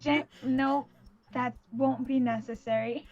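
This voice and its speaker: A woman's voice: sits high, steady tone, slow, a little mellow. A woman playing a prim young tutor who speaks politely and restrainedly, her voice muffled. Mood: firm. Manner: polite, restrained, primly firm.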